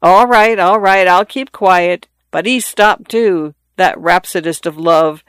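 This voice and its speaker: A reader voicing a skeptical old father who grumbles and philosophizes, in a smooth, dry audiobook reading. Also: mid-range voice, slow pace, a bit bright, no room sound. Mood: musing. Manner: teasing, philosophizing. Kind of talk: audiobook character voice.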